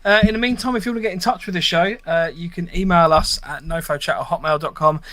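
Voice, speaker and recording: A man with a bright, fairly high voice hosts a casual podcast. His delivery is upbeat, and the sound is dry and close. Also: fast, no room sound. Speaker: podcast host. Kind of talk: casual chat and show sign-off.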